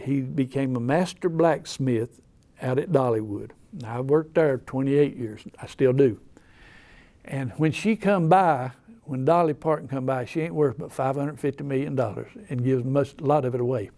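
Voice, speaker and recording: A man's voice: mid-range voice, moderate pace, dark tone. An older man with an Appalachian accent, telling rambling, folksy stories in casual talk. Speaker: storyteller. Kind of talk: casual storytelling.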